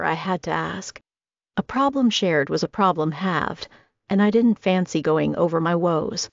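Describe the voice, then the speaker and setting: A woman's voice: fairly low pitch, a little slow, gravelly, no room sound. A woman narrating a romance audiobook in the first person, in an intimate, reflective way. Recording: dull lo-fi dry recording.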